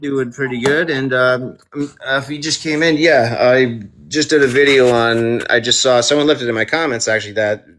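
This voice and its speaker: Male live-streamer with a bright voice, ranting indignantly about a case into his phone. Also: medium pitch, steady tone, moderate pace, hardly any pauses. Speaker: true crime live streamer. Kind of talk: casual live-stream commentary.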